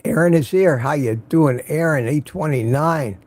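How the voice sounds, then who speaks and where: A man's voice: on the high side, normal speed, darkish tone. An older man hosting a casual morning livestream, greeting viewers by name and making wry asides. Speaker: livestream host.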